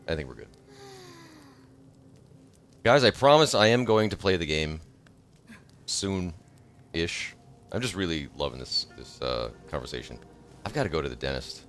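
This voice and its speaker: A deep-voiced man in his thirties talks casually on a livestream as a streamer. He drifts from one thought to the next and breaks into excited shouts.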